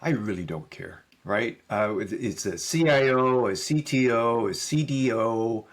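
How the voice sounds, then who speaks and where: A man's voice: mid-range voice, a little slow. A middle-aged man, a podcast guest, telling stories in casual conversation and acting out the dialogue he quotes. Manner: animated storyteller who acts out quoted dialogue; casual, with frequent fillers and "right?" tags. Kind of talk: conversational storytelling.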